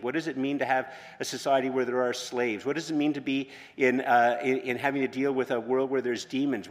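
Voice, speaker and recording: A man, a pastor, preaching a sermon in a conversational way that rises to loud, emphatic proclamations. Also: medium pitch. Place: church hall with long reverb. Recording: reverberant church hall.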